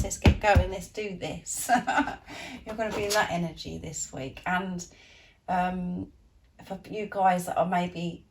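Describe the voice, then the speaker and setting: Gushing, lower-voiced woman tarot reader. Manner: gushing, encouraging, laughs often; addresses viewers directly as guys. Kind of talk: weekly tarot card reading for viewers.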